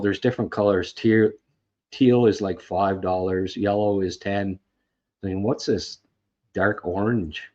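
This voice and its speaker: A man's voice: fairly low pitch, darkish tone. A man hosting a podcast, giving a casual game recap in a frustrated, rambling way, full of fillers and restarts. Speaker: podcast host. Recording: dull lo-fi sound.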